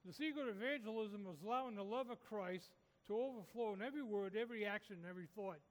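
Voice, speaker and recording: A man's voice: sits high, fast, in a large hall. A man preaching a sermon, urging his listeners with repeated, rising calls. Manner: repetitive, rising exhortation.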